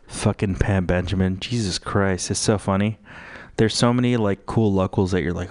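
A man's voice: deep voice, fairly even intonation, normal speed, few pauses, a little mellow, no room sound. A man hosting a radio show, ranting in a profane, rambling, mocking way full of fillers. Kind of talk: crude rambling radio rant.

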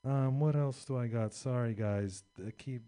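A man's voice: medium pitch, measured pace, mellow, clear, resonant tone. A young man performing a rambling, profane, self-deprecating stand-up comedy set on a club stage.

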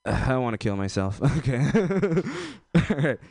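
A man's voice: mid-range voice, very animated, takes it slowly, darkish tone, no room sound, clean studio sound. A man doing an open-mic stand-up set, rambling and self-deprecating, with lots of fillers. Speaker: stand-up comedian.

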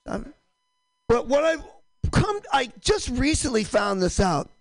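A man's voice: extremely high pitch, very animated, unhurried, gravelly, dry recording, rough recording. A man hosting a stand-up comedy show in a small room, rambling and profane, often cutting himself off. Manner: rambling, self-interrupting, profane.

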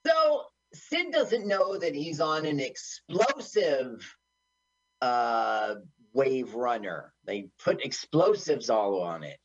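A man co-hosting an internet radio show, riffing jokingly on a movie as it plays. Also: slow. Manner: jokey, tries silly voices, lively pitch. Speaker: podcast co-host. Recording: dull lo-fi sound.

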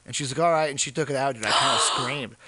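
A man telling crude, animated comic stories on a podcast. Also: medium pitch, fast, noisy background. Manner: brash, profane, animated. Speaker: podcast co-host, comedian. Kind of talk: crude comedic storytelling.

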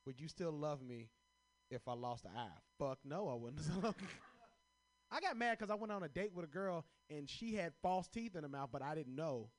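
A man's voice: fairly high pitch, lively intonation, moderate pace. A young man from Chicago doing stand-up comedy, telling profane stories and laughing at his own jokes as he answers prompts pulled from a hat.

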